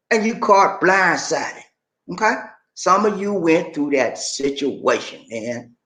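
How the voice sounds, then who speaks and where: A man's voice: fairly high pitch, lively intonation, slow pace, a bit bright, roomy sound. An older man hosting a motivational live stream, talking in a preachy, rallying way that repeats phrases to draw his listeners in. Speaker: channel host.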